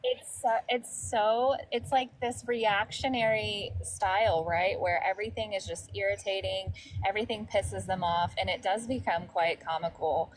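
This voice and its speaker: A woman's voice: mid-range voice, fairly even intonation, moderate pace, hardly any pauses, rough recording. A woman co-hosting a call-in show, talking reflectively and earnestly with casual fillers. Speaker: co-host. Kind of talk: casual livestream chat.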